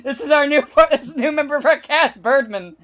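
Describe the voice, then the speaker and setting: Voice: high voice, normal speed, crowd noise. A commentator with a New Jersey accent, jokey and giggly, swearing a lot while chatting over a game. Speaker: gaming commentator. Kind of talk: casual let's-play chat.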